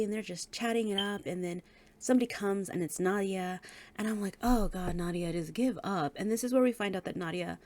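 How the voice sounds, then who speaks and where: A woman chats through a book review in a casual, animated way. She laughs often and drops the odd swear word. Her voice sits at a middling pitch.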